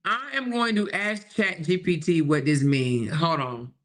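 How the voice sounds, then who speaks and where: In a low-pitched voice at a measured pace, a woman gives casual livestream commentary. She's animated and exclamatory, chatting directly with viewers and voicing their comments.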